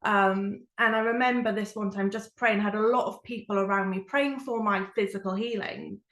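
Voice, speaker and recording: A woman's voice: mid-range voice, steady tone, moderate pace, fairly bright tone, reverberant. A woman giving an earnest, reflective personal testimony as a Christian speaker, with frequent fillers.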